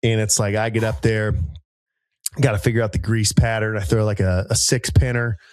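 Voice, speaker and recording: A man in his thirties, a podcast co-host telling a rambling, animated story with many fillers and jumps into high voices for people he quotes. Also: normal speed, no echo. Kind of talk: casual storytelling chat.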